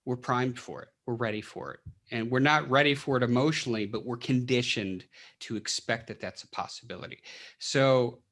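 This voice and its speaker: Brief: male psychologist guest, mid-pitched, explanatory, asks rhetorical questions. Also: normal speed, a bit bright. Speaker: podcast guest, clinical psychologist. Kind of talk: casual interview talk.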